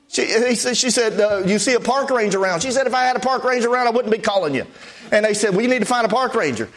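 High-voiced folksy preacher man. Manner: folksy testimony storytelling, many "I said". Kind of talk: storytelling sermon.

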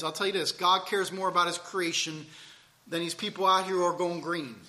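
Guy preaching, kinda high voice, bright and forceful, gets loud then drops real soft. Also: steady tone, a little fast. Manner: emphatic, swings between loud and soft. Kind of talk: sermon with scripture reading.

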